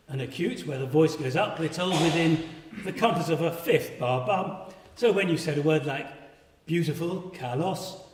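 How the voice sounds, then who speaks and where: A man giving a live public lecture on classics, animated, now and then singing short pitch examples to make a point. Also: recorded from a distance. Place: large hall at a live evening event. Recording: echoey hall, voice picked up from afar.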